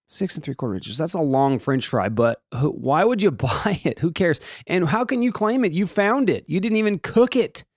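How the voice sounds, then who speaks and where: A man's voice: on the high side, lively intonation, normal speed, hardly any pauses, a little mellow, no room sound, clean studio sound. A man hosting a casual solo daily podcast, rambling and joking through the day's items with many restarts and asides. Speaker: podcast host.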